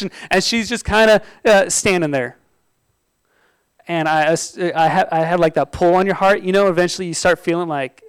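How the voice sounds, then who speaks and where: High-voiced man telling a sermon story. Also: brisk, clear, resonant tone, no room sound. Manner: conversational, animated storytelling with many restarts. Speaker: pastor.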